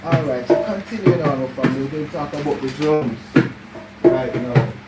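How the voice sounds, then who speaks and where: Man, drum teacher, far off in an echoey room with loud drums behind. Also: a little high, moderate pace, over loud music. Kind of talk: instructional talk. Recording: roomy, distant, loud drums.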